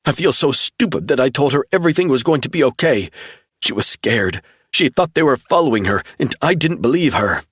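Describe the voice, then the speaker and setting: A man voicing a terrified, sobbing young man in an audiobook, pleading in high outbursts. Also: sing-song, normal speed, hardly any pauses, a bit bright, breathy edge, no room sound, clean studio sound. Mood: panicked, distraught.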